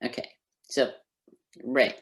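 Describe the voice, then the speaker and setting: A woman who founded a nonprofit, speaking as an interview guest in an emphatic, earnest way and laughing often. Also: slow. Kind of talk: conversational interview.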